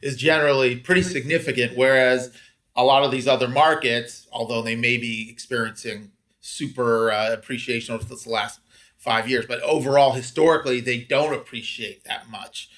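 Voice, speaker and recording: A man's voice: mid-range voice, fairly even intonation, normal speed, fairly bright tone. A man hosting a podcast, explaining points plainly in casual chat. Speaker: podcast host.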